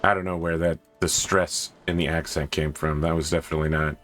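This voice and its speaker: A man's voice: a bass voice, little pitch movement, brisk, a bit bright. A man hosting a gaming video, giving casual gameplay commentary with joking, self-mocking asides.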